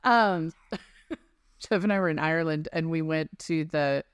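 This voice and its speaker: A woman's voice: low-pitched, a little slow, clean tone, dry recording, clean studio sound. A woman co-hosting a podcast, chatting animatedly and telling stories. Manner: animated, laughing, storytelling. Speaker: podcast co-host. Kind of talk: casual chat.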